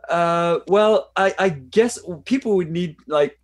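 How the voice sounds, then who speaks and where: A man's voice: high voice, slow. A man with a French accent, a guest actor in an interview, thinking aloud and searching for words over a video call. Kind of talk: casual interview talk.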